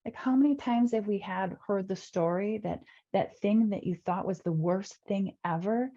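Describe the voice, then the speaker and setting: A woman life coach talks through a webinar in an earnest, repetitive way, often acting out the inner voices of her listeners. Her voice is gravelly with a warm, mellow tone. The audio is dull and lo-fi, like a computer mic on a video call. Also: medium pitch, moderate pace. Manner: earnest, repeats phrases, acts out inner voices. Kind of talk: webinar talk.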